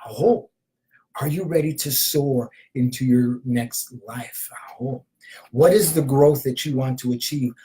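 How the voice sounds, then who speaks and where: A man's voice: medium pitch, a little slow, slight background noise, poor audio. Passionate middle-aged man giving a spiritual talk. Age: 50s. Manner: repeats probing questions, punctuates with "aho"; drops into soft whispers at times. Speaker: shamanic healer.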